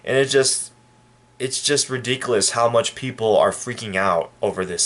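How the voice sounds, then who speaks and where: Brief: a mid-range male vlogger from El Paso, indignant, halting, talking straight to camera. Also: mid-range voice. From El Paso, Texas. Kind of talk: casual opinion rant to camera.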